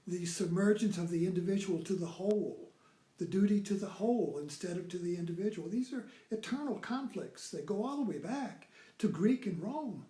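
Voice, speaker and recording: A man's voice: high-pitched, dark tone, echoey room. A man giving a rambling, informal lecture who keeps repeating "you see.".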